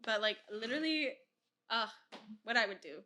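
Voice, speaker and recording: A woman's voice: fairly high pitch, expressive, normal speed, bright, forceful tone. A woman in her twenties hosting a podcast, chatting casually and rambling with lots of "like" and frequent laughter. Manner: rambling, heavy use of "like", laughs often. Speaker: podcast host. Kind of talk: casual chat.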